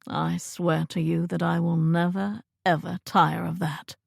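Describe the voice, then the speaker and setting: Woman doing a romantic Regency earl, low and earnest, slight gravel. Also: level tone, a little slow, darkish tone, dry recording, studio quality, heavily acted. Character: ardent Regency earl, young man. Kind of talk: audiobook character voice.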